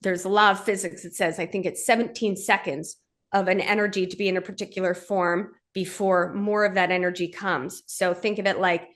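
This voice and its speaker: A woman's voice: medium pitch, fairly even intonation, fairly quick, fairly bright tone. Earnest woman podcast host, direct. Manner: earnest, direct, checks in with the listener ("right?"). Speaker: podcast host and men's coach. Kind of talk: conversational podcast teaching.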